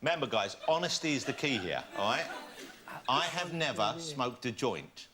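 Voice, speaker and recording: A man's voice: medium pitch, animated, moderate pace. A man hosting a chat show, teasing his guests in a playful, jokey way. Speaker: talk show host. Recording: studio with loud audience and noise.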